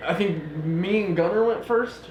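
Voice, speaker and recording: A man's voice: high voice, measured pace, dull audio. A married man co-hosting a podcast, telling stories in a casual way, with fillers and some swearing. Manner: relaxed storyteller with fillers, swears, laughs at himself. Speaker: podcast co-host. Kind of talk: casual chat. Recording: echoey room with faint noise.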